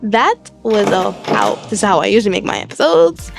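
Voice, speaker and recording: A woman's voice: medium pitch, expressive, fairly quick, gravelly, over music. A young woman talking through a casual game tutorial, chatty and rambling, with a giggly streak. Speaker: Minecraft tutorial YouTuber. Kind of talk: casual screen-recorded tutorial.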